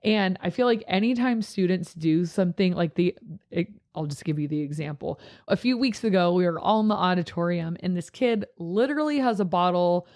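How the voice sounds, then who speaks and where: A woman youth pastor chatting casually, telling lively stories and jumping into high voices when she quotes people. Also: brisk. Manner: animated storyteller, jumps into high voices when quoting others. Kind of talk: casual podcast chat.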